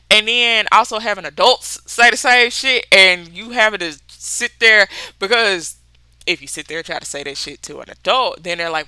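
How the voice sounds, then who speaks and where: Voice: medium pitch, moderate pace, bright, forceful tone, smooth, dry recording. A podcast host from Mississippi with a Southern accent, talking candidly in a casual solo chat, swearing freely and laughing often. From Mississippi, USA.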